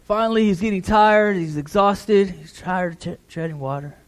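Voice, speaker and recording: A man's voice: sits high, normal speed. A middle-aged man, a pastor, preaching a conversational sermon, repeating words as he builds emphasis.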